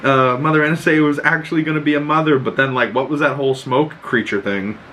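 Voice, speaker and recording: A man hosting a podcast, recapping a show in excitable casual chat, swearing freely and acting out the scenes. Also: on the high side, quick pace, slight background noise, poor audio. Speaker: podcast host.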